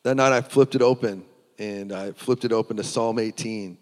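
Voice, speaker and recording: A man's voice: on the low side, steady tone, normal speed, darkish tone. Man giving testimony in a reverberant hall. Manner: earnest storytelling with restarts. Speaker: preacher sharing his testimony. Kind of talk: personal testimony.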